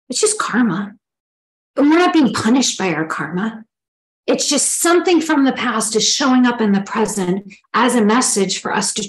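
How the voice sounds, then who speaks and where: A woman's voice: medium pitch, rough recording. A middle-aged woman giving a spoken spiritual teaching in an earnest, reflective way, sometimes acting out inner dialogue.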